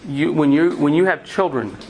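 A man's voice: on the high side, normal speed, darkish tone, a little hiss or hum. A man preaching a sermon as pastor, asking the congregation earnest rhetorical questions.

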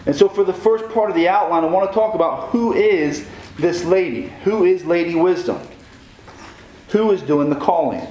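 A man's voice: high-pitched, animated, moderate pace, darkish tone, reverberant, slight background noise, low-quality recording. A man preaching a sermon as pastor, putting questions to the congregation.

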